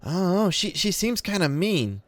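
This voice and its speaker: A man's voice: high voice, sing-song, moderate pace, a bit bright, no echo, pitched above the performer's own voice. A man doing a meek pet raccoon. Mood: sheepish. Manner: hesitant, stammering. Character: gentle young male pet raccoon.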